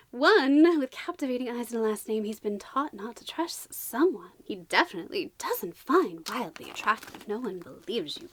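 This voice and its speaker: A woman chatting casually as she unboxes books, gushing and excitable, with quick joking asides. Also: medium pitch, husky, dry recording. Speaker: book vlogger.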